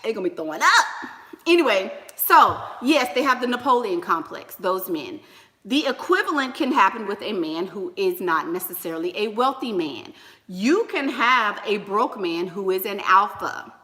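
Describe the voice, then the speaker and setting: A young woman hosting a casual livestream, lecturing with emphatic repetition and shouting greetings to donors. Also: mid-range voice, animated, normal speed. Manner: preachy, repeats points for emphasis. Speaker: livestream host. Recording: roomy with long reverb.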